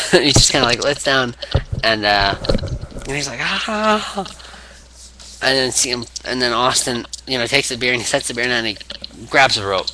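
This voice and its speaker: A man's voice: mid-range voice, fairly quick. A man talking casually in a vlog, rambling through a play-by-play with many restarts and fillers. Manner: rambling, full of restarts and acted grunts. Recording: steady background hiss.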